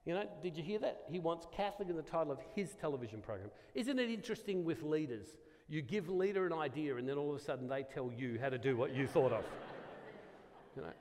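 Animated Australian man telling a story. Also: fairly high pitch, quick pace. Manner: animated, acts out dialogue, self-deprecating asides. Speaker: Catholic speaker at a church gathering. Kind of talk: storytelling talk to a live audience. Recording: long reverb of a large hall.

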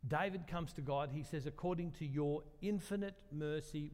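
A man's voice: fairly high pitch, moderate pace, few pauses, a little mellow. Older man preaching in a reverberant church. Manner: conversational, asks the congregation questions, self-deprecating humor. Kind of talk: sermon.

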